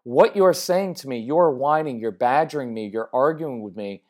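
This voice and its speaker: A woman's voice: a bass voice, lively intonation, moderate pace, a little mellow. Middle-aged woman, parenting coach; conversational, emphatic delivery that keeps checking in with the audience. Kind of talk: direct-to-camera parenting talk.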